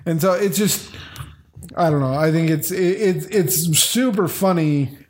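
A man's voice: on the high side, a little slow. A man in casual chat, rambling and acting out scenes from a show he loves. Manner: rambling, acts out scenes in quoted voices.

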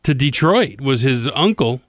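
A middle-aged man co-hosting a relaxed podcast, blunt and a little wry. His voice sits at an ordinary pitch and goes into sports facts at length. The recording is close and dry. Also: a little slow, no room sound. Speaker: podcast co-host. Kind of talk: casual chat.

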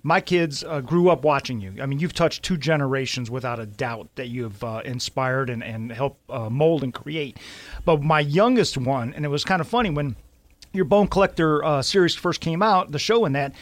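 A man's voice: a little high, normal speed, no room sound. A man co-hosting a radio show, chatting in an easygoing way. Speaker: radio co-host. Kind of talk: casual radio chat.

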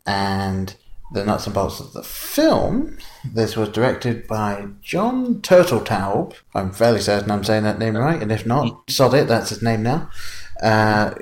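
Low-voiced man co-hosting a podcast. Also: very animated, unhurried, roomy sound. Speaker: podcast co-host. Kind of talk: casual chat.

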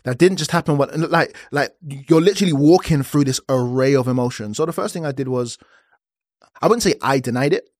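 A man's voice: mid-range voice, animated, brisk, darkish tone, no echo. Male podcast host, 30s, candid storyteller who acts out the dialogue, mid-range voice, dry close sound. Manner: candid storytelling, acting out conversations. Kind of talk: candid personal podcast monologue.

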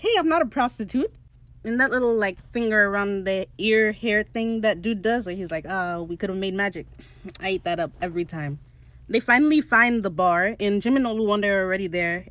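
A woman's voice: mid-range voice, dry recording. A woman hosting a podcast, casually retelling a comedy episode with lots of laughter and quoted lines. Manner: animated storytelling, quotes characters in put-on voices, laughs often. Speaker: podcast host recapping a TV episode. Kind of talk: casual chat.

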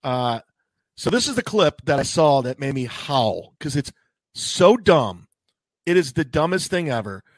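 Male streamer, high-pitched, giggly and crude, keeps laughing, dry sound. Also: big pitch swings, unhurried, dry recording. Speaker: streamer in a played clip. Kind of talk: casual live-stream chat.

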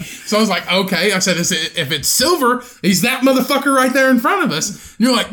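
A young man co-hosting a podcast, telling a profane, animated story in casual chat and acting out the quotes. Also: high voice, fast talker. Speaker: podcast co-host.

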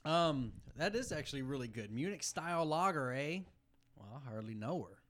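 A man in a casual podcast chat, excitable and loud, quick with a bad joke. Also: mid-range voice. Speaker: podcast co-host.

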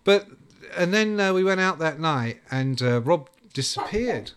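Casting note: chatty male storyteller, slightly higher voice, acts out quotes. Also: animated, measured pace, a bit bright, a little hiss or hum. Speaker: guest recalling music journalism days. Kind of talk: casual storytelling chat.

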